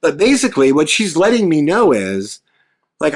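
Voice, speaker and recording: A man hosting a podcast, telling a story in an animated, profane way and acting out quoted lines. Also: a little high, moderate pace. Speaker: podcast host. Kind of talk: storytelling monologue.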